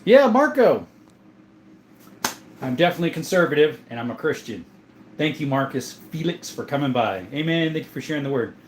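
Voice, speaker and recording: A chatty man hosting a laid-back livestream, his voice sitting a little higher than most men's. He greets viewers by name and talks in a loose, conversational way while reading the chat. A faint ambient noise hums underneath. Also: very animated, normal speed, pauses often. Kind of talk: casual live-chat talk.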